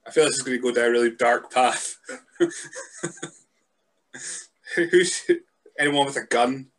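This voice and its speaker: A man hosting a podcast, chatting casually in a deadpan, joking way. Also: medium pitch, unhurried. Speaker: podcast host.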